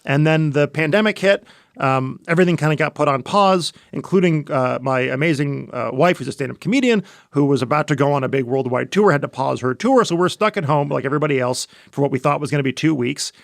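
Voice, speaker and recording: Man, guest chef, casual podcast chat, gravelly, rambling, filler-heavy, dry close mic. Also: fairly high pitch, fast, no echo. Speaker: guest chef and cookbook author.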